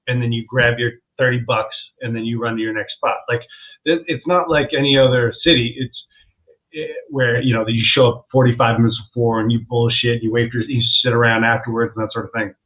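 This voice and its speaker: A male comedian trading road stories in a loose, casual chat. He acts out the people in his anecdotes with lively shifts of voice. His audio comes through thin and phone-like. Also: medium pitch, fairly quick. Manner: animated, acts out quoted voices. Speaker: comedian guest. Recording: tinny phone-like call audio.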